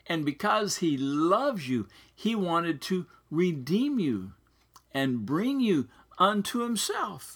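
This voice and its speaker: A man preaching a sermon in a slow, earnest way, his pitch rising and falling widely. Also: a bit bright, husky.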